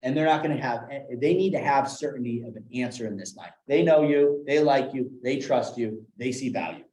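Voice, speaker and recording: A man running a live sales training session, animated, acting out different tones of voice as examples. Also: medium pitch, moderate pace, a little hiss or hum. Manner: animated, demonstrates tones with acted quotes. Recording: echoey room.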